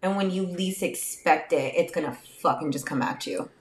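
A woman's voice: low-pitched, moderate pace, echoey room, a little hiss or hum. A woman co-hosting a casual chat, telling stories candidly and swearing freely. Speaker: podcast co-host, biological mom.

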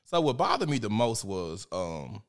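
A man's voice: on the low side, very animated, normal speed. Profane, gossipy male commentator. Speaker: commentary host. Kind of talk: casual commentary.

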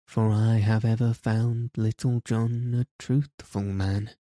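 A courteous outlaw chief speaks with grave, gently mocking politeness, read by a man. His voice is very dark and very slow, with little rise and fall, recorded dry. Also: lowish voice, level tone, dry recording. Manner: mock-solemn, courteous. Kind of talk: audiobook character reading.

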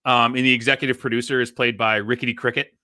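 A man co-hosting a casual podcast, animated and rambling, laughing often. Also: mid-range voice, fast, no echo, studio quality. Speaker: podcast co-host. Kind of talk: casual chat.

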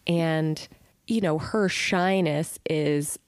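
A middle-aged woman co-hosting a podcast, chatting and telling stories with quick asides. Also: low-pitched, no room sound. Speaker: podcast co-host. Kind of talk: casual chat.

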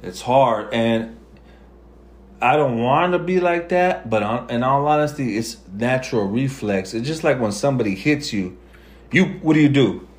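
A man's voice: medium pitch, moderate pace. Blunt man in a casual chat. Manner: blunt, swears freely. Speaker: podcast co-host.

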